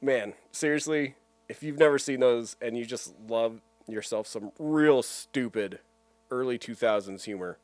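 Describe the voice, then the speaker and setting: A man co-hosting a podcast in casual chat, animated and laughing often as he retells cartoon gags. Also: medium pitch, unhurried, dry recording. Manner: animated, laughs a lot, mimics cartoon voices. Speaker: podcast co-host.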